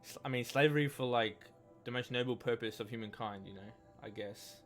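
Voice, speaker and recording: A man's voice: mid-range voice, fairly quick, faint music behind. A man giving casual gameplay commentary, reading in-game texts aloud in a rambling, hesitant way with many restarts. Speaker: let's play gamer.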